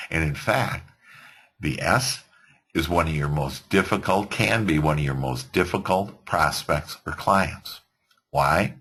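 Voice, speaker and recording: A man teaching a motivational seminar to a class, rambling and animated, laughing often. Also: rumbling low, unhurried, breathy edge. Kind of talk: motivational lecture.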